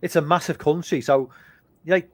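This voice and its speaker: A man's voice: fairly high pitch, fairly even intonation, moderate pace, darkish tone, no room sound. A man co-hosting a casual movie chat stream, rambling and swearing freely with lots of restarts. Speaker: podcast co-host.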